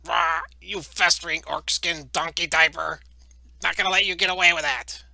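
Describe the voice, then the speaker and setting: A man voicing an angry male enemy spellcaster who yells insults in a tabletop game. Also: fairly high pitch, steady tone, moderate pace, vocal fry, dry recording, voice pushed up, full character voice. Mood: furious. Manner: yelling insults.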